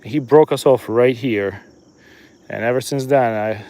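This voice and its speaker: A fishing streamer with a mid-range voice chats casually to his viewers from outdoors at a riverbank while he fishes. He speaks at a measured pace and keeps things relaxed and conversational.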